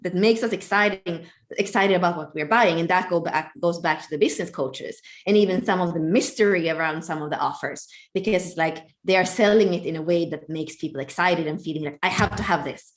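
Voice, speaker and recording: A woman's voice: fairly low pitch, brisk. A woman co-hosting a casual chat, explaining ideas and filling her speech with "like". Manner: explanatory, uses many filler "like"s. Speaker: podcast co-host, coach.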